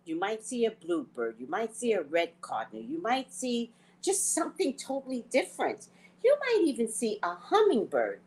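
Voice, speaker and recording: A woman hosting a spiritual talk show, telling stories in a casual, animated way, often laughing and acting out her own thoughts. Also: fairly high pitch, normal speed, low-quality recording. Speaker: psychic reader and show host.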